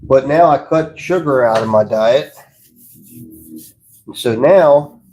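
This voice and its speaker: A man's voice: medium pitch, darkish tone. A man hosting a live stream from his pottery workshop, chatting casually and rambling as he works, with frequent chuckles. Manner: easygoing, rambling, chuckles often. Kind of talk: casual live-stream chat while working.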